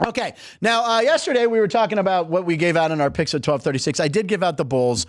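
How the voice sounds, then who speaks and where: A man's voice: high-pitched, quick pace, no room sound. A middle-aged man hosting a sports show, telling stories in a chatty, joking way. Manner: chatty, jokey, animated storytelling. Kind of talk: casual sports talk.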